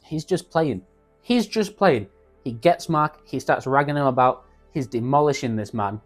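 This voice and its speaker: A young man excitedly recapping a show in casual slang, acting out the characters' lines as he goes. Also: medium pitch. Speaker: YouTube reviewer.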